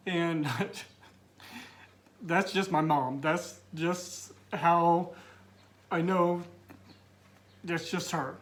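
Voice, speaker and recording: A middle-aged man telling his personal coming-out story, teary and halting, with many fillers and restarts. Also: high-pitched, steady tone.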